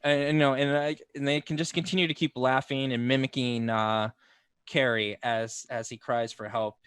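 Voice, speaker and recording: A man runs a tabletop game, describing the scene in a loose, halting flow with plenty of fillers. His voice sits at a middle pitch. The sound is dry and close, with no room around it. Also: steady tone, fairly bright tone, clean tone, no room sound. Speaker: game master.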